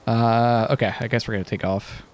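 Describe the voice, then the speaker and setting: A man's voice: medium pitch, steady tone, brisk, darkish tone, a little hiss or hum. A man giving casual gameplay commentary, chatty and musing aloud as he plays. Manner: chatty, muses aloud, wonders about pronunciation. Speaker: let's play host.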